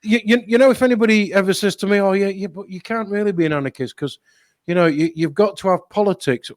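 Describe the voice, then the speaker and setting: A man's voice: high voice, quick pace, dry recording. A man co-hosting a casual political chat, blunt and swearing freely. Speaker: co-host.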